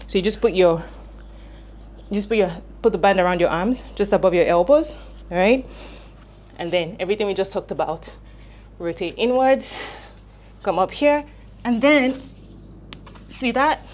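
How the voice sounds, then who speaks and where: A woman's voice: mid-range voice, expressive, moderate pace, pauses often, a little mellow. Woman fitness coach talking thru push-ups and planks, a bit out of breath, friendly and instructive. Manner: friendly, instructive, demonstrating exercises while talking. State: out of breath during exercises. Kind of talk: casual workout demonstration. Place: home workout space.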